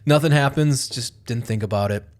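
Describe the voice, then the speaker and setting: A man's voice: mid-range voice, normal speed. A man hosting a podcast, chatting casually and animatedly, swearing often and acting out quotes. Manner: animated, swearing, quoting others in lively voices. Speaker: podcast host. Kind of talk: casual chat.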